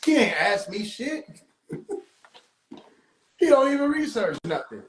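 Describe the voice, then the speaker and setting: High-voiced man ranting on a livestream. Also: slow pace, roomy sound, rough recording. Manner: animated, laughing often, profane slang. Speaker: livestream host. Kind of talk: casual livestream rant. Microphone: phone.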